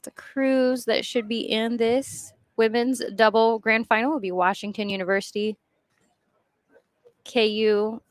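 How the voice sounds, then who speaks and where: A woman's voice: fairly high pitch, steady tone, unhurried, no room sound. A woman doing color commentary at a rowing race, chatty and explaining the sport in plain terms.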